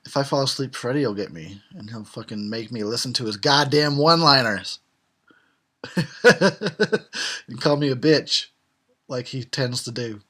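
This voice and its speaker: A man's voice: mid-range voice, a little slow, long pauses, sharp tone. A tired man who has been drinking, giving casual, profane, sarcastic commentary on a film and chuckling often. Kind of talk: casual drunk movie commentary.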